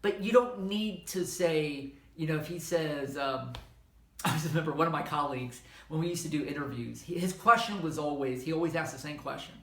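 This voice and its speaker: A man's voice: on the high side, moderate pace. A middle-aged man with a Southern American accent giving an informal, conversational history lecture, correcting himself as he goes. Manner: conversational, self-correcting, animated asides. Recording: echoey room.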